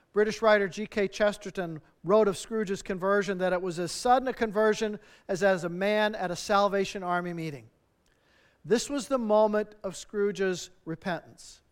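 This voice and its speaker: A male pastor delivering a sermon in a high, smooth and clear voice. He speaks earnestly and stacks up rhetorical questions, letting his phrase endings fall soft.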